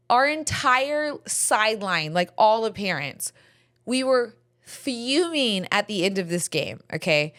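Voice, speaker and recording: Middle-aged woman host, animated, blunt, swears casually, chatty podcast storyteller. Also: medium pitch.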